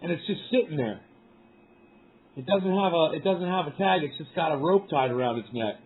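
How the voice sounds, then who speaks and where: A man rambles through a casual live stream from outdoors on a mountain, cursing freely and calling out to his viewers. His voice sits high for a man. The audio is thin and tinny, as if sent over a phone line. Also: expressive, moderate pace, husky. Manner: rambling, profane, talks to chat viewers. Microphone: cell phone.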